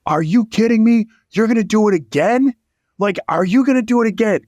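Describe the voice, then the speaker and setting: A man voicing an exasperated male car owner who shouts at a worker. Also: sits high, big pitch swings, takes it slowly, no echo, pitched above the performer's own voice, full character voice. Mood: furious.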